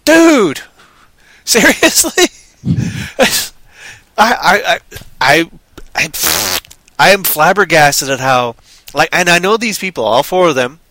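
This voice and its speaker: High-pitched, ranting man reviewing movies. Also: slow, long pauses. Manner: animated, ranting, sarcastic. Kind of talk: casual podcast chat.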